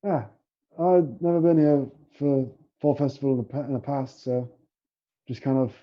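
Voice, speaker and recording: A man's voice: medium pitch, normal speed, highs cut off. A man playing in a tabletop game, casually chatting, hesitating a lot and swearing offhand. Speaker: player.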